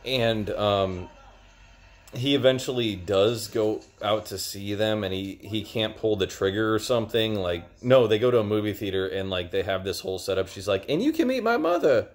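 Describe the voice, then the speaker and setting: Low-voiced young guy, loose rambling reviewer, heavy on fillers. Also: steady tone, normal speed. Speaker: show reviewer. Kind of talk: casual video review.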